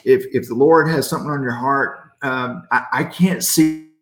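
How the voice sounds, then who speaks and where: A middle-aged male pastor leads a casual midweek devotional, folksy and quick to crack a joke. He answers viewer comments as they come in. His voice sits at an average pitch, and the room adds a roomy echo. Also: steady tone.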